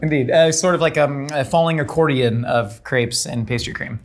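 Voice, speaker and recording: A man judging desserts in a slow, deliberate way, cracking jokes. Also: medium pitch, music in the background. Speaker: guest judge. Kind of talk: comedic food critique.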